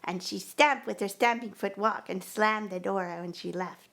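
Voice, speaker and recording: A woman's voice: medium pitch, steady tone, moderate pace, creaky, a bit bright. A woman telling a first-person story at a live performance, narrating expressively and acting out the dialogue. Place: performance venue.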